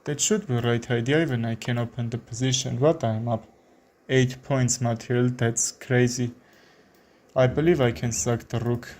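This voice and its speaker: A man from Armenia with an Armenian accent, a chess streamer commenting live in halting English with many fillers. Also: mid-range voice, fairly even intonation, darkish tone.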